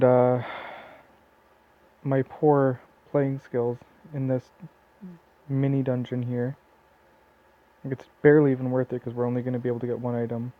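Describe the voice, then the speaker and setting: Through a tinny, phone-like mic with no room sound, a mid-range male voice with a Southern Ontario Canadian accent chats loosely over gameplay. His let's-play commentary wanders, packed with fillers and false starts.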